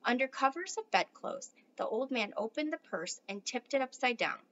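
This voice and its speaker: Bright, high woman reading a storybook. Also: lively intonation, moderate pace, dull audio. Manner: warm, friendly address to listeners. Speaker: teacher reading aloud. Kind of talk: storybook read-aloud.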